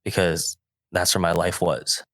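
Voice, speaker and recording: Low-voiced laid-back podcast co-host man. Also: level tone, fairly bright tone, no room sound, studio quality. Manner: easygoing, agreeable, quick to laugh. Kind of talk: casual chat.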